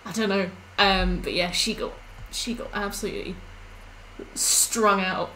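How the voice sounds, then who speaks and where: A woman's voice: mid-range voice, steady tone, a little slow, sharp tone, a little hiss or hum, poor audio. Chatty woman streaming a game. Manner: rambling, chatty storytelling with many fillers. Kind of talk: casual live-stream chat while gaming.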